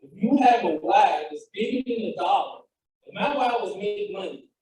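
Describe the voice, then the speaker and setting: A man's voice: high-pitched, expressive, normal speed, far from the mic, crowd noise. A man giving a fired-up motivational talk as a founder, telling a story with quoted dialogue. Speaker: founder and speaker. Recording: echoey hall, speaker off-mic.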